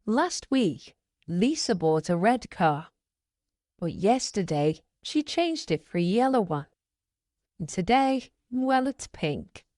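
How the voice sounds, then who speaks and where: Woman voicing lesson examples, slow and lively, dry close sound. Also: medium pitch, dry recording. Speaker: example sentence reader. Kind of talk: scripted example readings.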